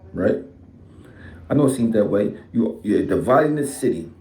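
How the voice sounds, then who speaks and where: A man's voice: mid-range voice, sing-song, brisk, warm tone. A man ranting to camera about his feuds, defiant and explaining himself, tagging lines with "okay". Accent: Philadelphia. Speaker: rapper in a clip. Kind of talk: direct-to-camera rant.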